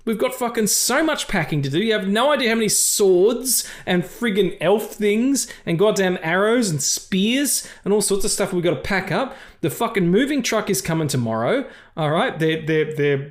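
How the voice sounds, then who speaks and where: A man's voice: sits high, voice pushed up. A man voicing a fed-up, foul-mouthed male elf lord in an exasperated, profane rant.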